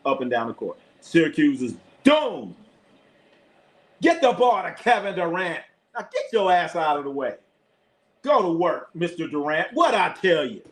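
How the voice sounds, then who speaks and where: A man giving live play-by-play commentary in a casual sports chat, excitable, shouting at players and swearing casually. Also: fairly high pitch, moderate pace, rough recording.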